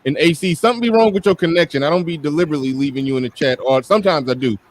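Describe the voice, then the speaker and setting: A man hosting an online panel, keeping speakers in order with quick repeated calls. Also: a little high. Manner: fast, repetitive, keeps order. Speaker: panel host. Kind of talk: casual online panel moderation.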